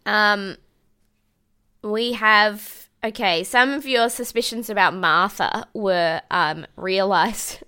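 A woman's voice: mid-range voice, takes it slowly, bright, forceful tone, clean tone. A young woman co-hosting a casual recap podcast, rambling with fillers, swearing freely and breaking into laughter. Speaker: podcast co-host.

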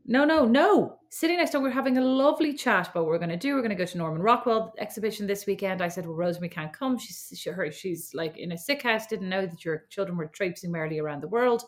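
A woman co-hosting a podcast with her sister, chatting casually, wry and quick to laugh, swearing freely. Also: medium pitch, lively intonation. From Ireland. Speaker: podcast co-host. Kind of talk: casual chat. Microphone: remote recording call.

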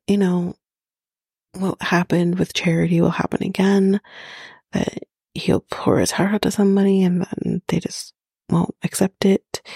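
Casual gravelly woman podcast recapper. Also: fairly low pitch, mellow, no echo, clean studio sound. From Canada. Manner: chatty, swears, frequent fillers and asides. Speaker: podcast host recapping a TV episode.

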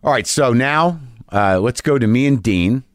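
A man hosting a podcast from his garage, telling a rambling, excitable story full of swearing and restarts. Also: mid-range voice, moderate pace, dry recording, studio quality. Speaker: podcast host. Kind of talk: casual storytelling monologue. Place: home garage studio.

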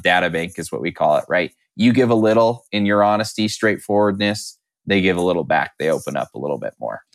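A man's voice: on the low side, dry recording. A man co-hosting a casual podcast, explaining hiring in a coaching manner. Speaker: podcast co-host, hiring advisor.

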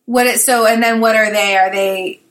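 Casting: woman podcast host, bright forward tone, casual and chatty. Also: on the high side, fairly even intonation, normal speed. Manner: casual, many "like" fillers, thinking aloud. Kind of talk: podcast conversation.

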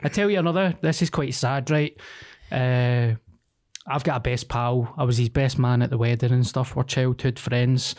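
A man's voice: mid-range voice, steady tone, moderate pace, darkish tone. Scottish man, 30s, frank, sweary, storyteller, casual podcast chat.

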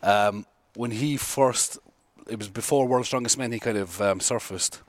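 A man's voice: fairly low pitch, unhurried, no room sound. An Irish man chatting as a podcast guest, telling rambling anecdotes, laughing often and swearing freely. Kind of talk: casual podcast chat.

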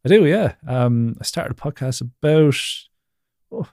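A man's voice: mid-range voice, animated, measured pace, mellow. A man as a guest on a video-call interview, rambling casually with lots of fillers and frequent laughs. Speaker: podcast guest.

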